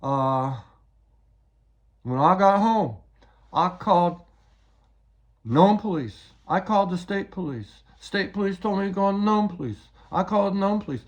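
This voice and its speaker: A man's voice: high voice, lively intonation, a little slow, long pauses, lo-fi sound. An older man giving a rambling, agitated personal account, often repeating words as he retells events.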